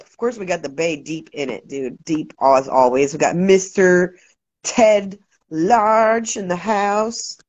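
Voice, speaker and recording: A woman hosting a casual livestream, talking fast and loose, swearing freely and ranting, shouting out viewers. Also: medium pitch, no echo. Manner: profane, animated, ranting. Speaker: livestream host. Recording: dry, dull lo-fi sound.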